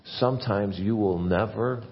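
A man preaching a sermon as pastor, earnest, his voice rising and growing louder when he stresses a point. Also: on the low side, unhurried, big-room sound, dull audio.

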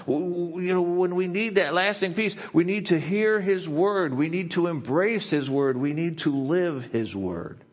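A pastor preaching a sermon, slowing down and softening as he reads scripture quotes. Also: high voice. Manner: reads scripture quotes slowly and softly, asks if he talks too fast.

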